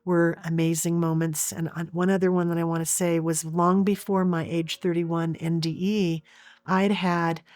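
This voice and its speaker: A woman's voice: lowish voice, level tone, normal speed, darkish tone, no echo. Earnest middle-aged woman telling her story. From Oregon, USA. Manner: earnest, with frequent restarts. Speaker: interview guest. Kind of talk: storytelling in an interview.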